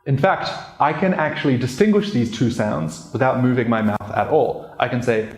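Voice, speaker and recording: A man's voice: mid-range voice, moderate pace, creaky. Chatty man teaching in a roomy space. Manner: relaxed, chatty explaining with many "like" fillers. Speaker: learner of the language presenting a pronunciation lesson. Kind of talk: casual pronunciation lesson. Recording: roomy echo.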